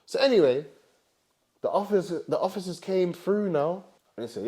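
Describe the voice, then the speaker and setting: A young man from England tells a wild story in a loose, slang-heavy way, tossing in bro and fam every few words. His voice sits a little high and stays lively and animated throughout. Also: moderate pace, slightly rough. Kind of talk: casual storytime.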